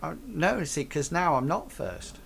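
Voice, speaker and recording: A man running a tabletop game as game master, narrating in rambling, halting phrases. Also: fairly high pitch, sing-song, vocal fry, fairly bright tone, husky.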